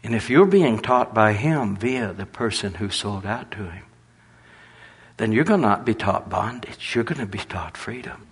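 A husky-voiced man preaches in a relaxed storytelling manner. His voice sits on the low side and he often chuckles through the tale. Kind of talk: storytelling sermon.

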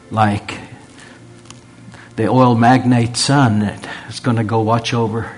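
A male preacher who delivers his sermon at an unhurried pace and in a mid-range voice. He presses his points by repeating key phrases and lightens things with joking asides. Soft music plays faintly behind him. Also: mid-range voice. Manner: earnest, repeats phrases for emphasis, humorous asides.

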